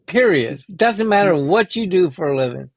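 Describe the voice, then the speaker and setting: A man's voice: high-pitched, lively intonation, normal speed, dry recording. A man hosting a casual talk show, chuckling and reacting to his guest. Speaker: host. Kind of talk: casual chat.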